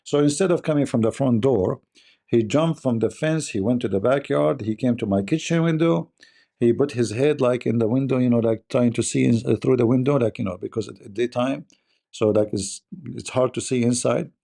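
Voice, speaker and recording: A man rants through a casual livestream, mocking and emphatic, breaking into laughter as he goes. His English grammar is non-native. The voice is dark and mellow, with a gravelly rasp at the bottom, at an ordinary male pitch. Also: a little fast. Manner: mocking, emphatic, laughs often while talking. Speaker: livestream host. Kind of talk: casual ranting commentary.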